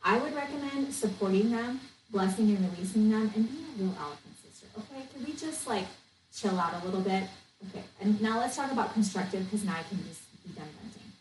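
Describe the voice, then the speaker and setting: A woman's voice: mid-range voice, expressive, fairly quick. Fired-up woman, blunt and echoey. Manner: passionate, blunt, venting, says "okay?" often. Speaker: podcast host, network marketing coach. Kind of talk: fired-up solo podcast talk. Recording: echoey room, distant mic, faint noise.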